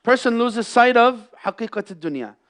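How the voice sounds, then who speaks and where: A man delivering a Friday sermon in a mosque, impassioned, with loud emphatic peaks and hushed lows, weaving in Arabic phrases. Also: expressive, moderate pace. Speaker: imam giving a Friday sermon. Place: mosque prayer hall.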